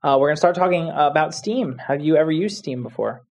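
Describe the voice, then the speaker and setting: Male podcast host, slightly high voice, playful, casual banter. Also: animated, fast, a little mellow. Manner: joking, playful. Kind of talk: casual tech podcast chat.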